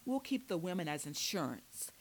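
A woman's voice: lowish voice, big pitch swings, moderate pace. A woman voicing a menacing male vampire kidnapper disguised in drag, who growls and snaps out his threats. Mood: threatening.

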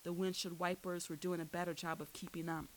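Low-voiced woman reading a thriller. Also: level tone, fairly quick, rough recording. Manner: dramatic, rises sharply for shouted lines. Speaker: audiobook narrator. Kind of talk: first-person story reading. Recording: faint hiss.

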